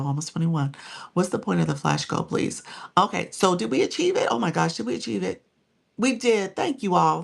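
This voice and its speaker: A woman's voice: low voice, creaky. A woman in her forties coaching viewers on a live stream, emphatic and chatty, thanking people by name and laughing often.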